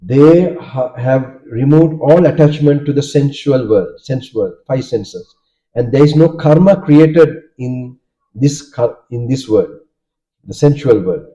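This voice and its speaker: Speaking slowly in a dark, medium-pitched voice, a Sri Lankan Buddhist monk gives a Dharma talk; Sinhala is his native language. He checks in with listeners by often saying "okay?" and asks them questions. The audio sounds dull and lo-fi.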